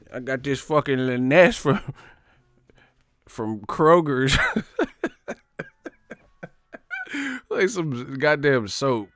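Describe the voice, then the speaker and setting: A man's voice: medium pitch, fairly bright tone, clean tone, no room sound. A man from the Bay Area hosting a livestream, riffing in casual, profane slang. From San Francisco Bay Area. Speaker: livestream host.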